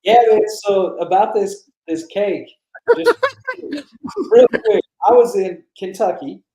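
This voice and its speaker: A man's voice: sits high, slow pace, mellow, reverberant, poor audio. A man, a barbecue pitmaster guest, telling long, profane stories in casual chat and laughing along the way.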